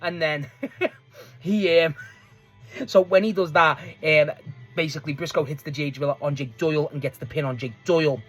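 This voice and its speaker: A man with a notably high-pitched voice recaps a wrestling match in loose, casual talk. He rambles from one moment to the next, restarts often, laughs readily and swears freely. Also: steady tone, moderate pace, fairly bright tone, soft background music. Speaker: wrestling fan reviewer.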